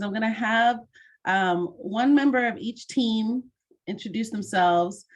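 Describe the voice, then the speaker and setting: A woman runs an online mentoring session over a video call. She gives instructions in a friendly, direct way at a middle pitch and pauses on fillers now and then.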